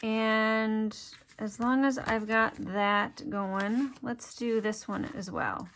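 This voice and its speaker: A woman's voice: on the high side, fairly even intonation, slow pace, fairly bright tone, slight background noise. A woman from Wisconsin, demonstrating a card-making craft step by step in a chatty way. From Wisconsin, USA. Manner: chatty, step-by-step, thinks aloud while working. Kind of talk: hands-on craft tutorial.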